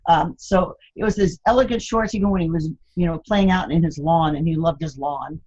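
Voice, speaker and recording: Older woman, interview guest, low-pitched, laughing anecdotal delivery, muffled lo-fi sound. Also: fairly quick, husky. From United States, Cuban American family. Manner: laughs often, animated storytelling with playful teasing. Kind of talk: candid conversational interview.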